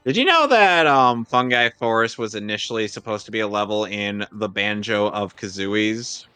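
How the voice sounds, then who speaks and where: Bright-voiced man streaming a game. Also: on the low side, animated, clear, resonant tone, dry recording, faint music behind. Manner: rambling, joking, halting restarts. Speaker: streamer host. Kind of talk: casual gameplay commentary.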